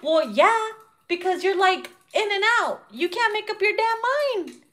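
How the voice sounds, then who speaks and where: A woman's voice: very high-pitched, very animated, measured pace, a bit bright. A woman giving a casual tarot reading who swears freely, laughs often and acts out quotes. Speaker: tarot reader.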